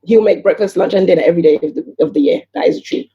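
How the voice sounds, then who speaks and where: A woman talking as a podcast guest in casual conversation. She is animated, fires off rhetorical questions and acts out other people's voices. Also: medium pitch, rapid-fire, highs cut off. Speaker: guest entrepreneur.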